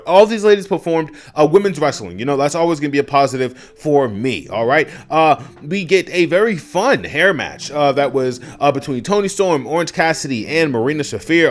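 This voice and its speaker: Profane, animated man reviewing wrestling. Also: fairly high pitch. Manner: animated, profane, addresses chat, bursts into loud yelled asides. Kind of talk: casual solo review rant.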